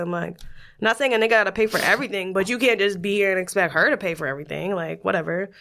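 A woman's voice: mid-range voice, fast, gravelly, a bit bright. A young woman co-hosting a podcast, telling a story in blunt, profane casual chat, full of quoted dialogue. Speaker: podcast co-host.

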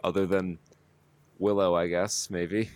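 A very deep-voiced man co-hosts a casual podcast. He rambles through his points, swears freely and laughs often. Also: level tone, a little slow, clear, resonant tone, no room sound. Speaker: podcast co-host. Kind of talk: casual chat.

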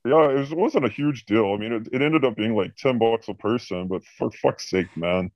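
A man's voice: medium pitch, moderate pace, no room sound, muffled recording. A man recounts workplace stories in a loose, chatty podcast. His talk is peppered with profanity and "like". The recording is close and dry, with no room sound. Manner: profane, animated anecdote telling. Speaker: podcast guest recounting a job. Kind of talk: casual storytelling chat.

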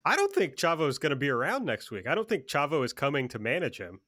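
A man's voice: fairly high pitch, huge pitch swings, fast, a bit bright, no room sound, clean studio sound. A man co-hosting a casual wrestling podcast, talking heatedly and swearing freely. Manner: profane, heated, fired up. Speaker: podcast co-host. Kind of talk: casual wrestling recap chat.

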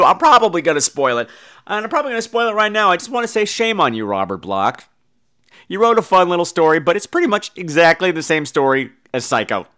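A man's voice: sits high, pushed and bright. A man hosting a podcast, giving a casual comedic movie review in a campy, profane storytelling manner. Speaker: podcast host, film reviewer.

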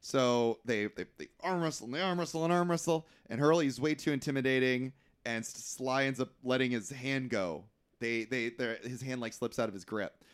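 A man's voice: mid-range voice, normal speed, clean tone. A man co-hosting a podcast who recaps a movie in casual, profane chat and often laughs. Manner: profane, laughing, animated retelling. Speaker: podcast co-host.

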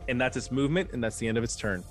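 A man narrating combat as game master in a loose, casual way, with fillers and restarts, counting dice out loud. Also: mid-range voice, lively intonation, rapid-fire, faint music behind.

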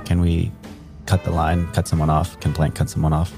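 A man playing a tabletop game who asks halting, excitable questions. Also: sits low, gravelly, music in the background. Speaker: player. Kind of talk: tabletop role-play.

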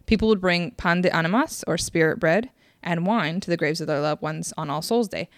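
A young woman with a fairly low voice chats casually as a podcast co-host. She talks loosely, laughs often and swears freely. The recording is dry and close. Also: brisk, no echo. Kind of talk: casual chat.

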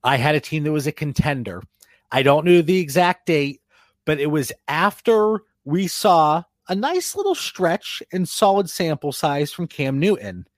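A man's voice: on the high side, lively intonation, measured pace, no echo, clean studio sound. Easygoing male podcast guest. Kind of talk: casual podcast chat.

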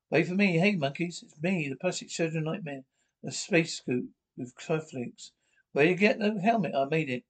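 Men acting out quick, bickering dialogue from a British TV sitcom. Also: male voice, fairly high pitch, lightly acted. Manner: bickering, quick comic banter.

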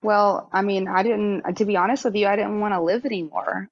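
A woman in her thirties, a podcast guest in a candid interview conversation, talking haltingly with many fillers and restarts and getting emotional. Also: mid-range voice, steady tone, no room sound. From Texas. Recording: dull, slightly lo-fi dry sound.

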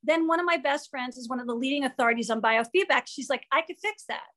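A woman's voice: sits high, fast talker. A woman being interviewed as a guest, talking candidly and with animation, acting out what people said and swearing freely. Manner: animated, acts out quoted dialogue, swears freely.

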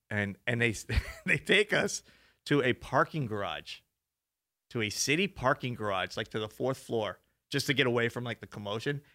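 Man, podcast co-host, casual storytelling, bright forceful tone, laughs a lot, curses. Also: mid-range voice. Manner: animated, laughing, swears freely.

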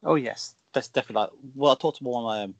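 A man's voice: mid-range voice, quick pace, gravelly, no room sound, highs cut off. A man from the Black Country with its accent, a wrestler guest chatting on a podcast and telling stories that act out what people said. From Dudley, Black Country, England. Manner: animated storyteller, acts out quoted lines. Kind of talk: casual podcast chat.

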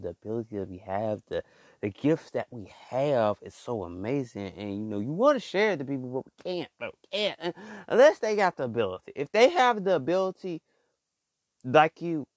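Stammery guy chatting to the camera, pitch jumps all over, slangy, dry close sound. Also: a little fast, no room sound. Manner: stammering, animated, slangy, addresses listeners as y'all and bro. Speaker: vlogger. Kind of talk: casual monologue.

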